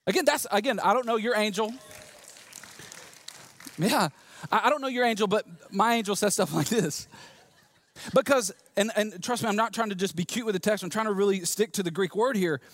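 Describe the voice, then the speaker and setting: A man from the US South, preaching a sermon in an emphatic, animated way, often repeating words as he restarts. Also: high-pitched, moderate pace, long pauses, no room sound. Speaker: pastor.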